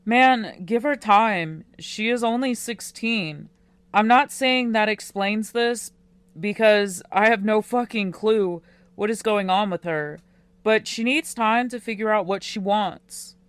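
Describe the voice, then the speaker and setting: A woman reading a steady, caring young man in an audiobook, earnest and level. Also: medium pitch, slow, clear, resonant tone, no echo, lightly acted.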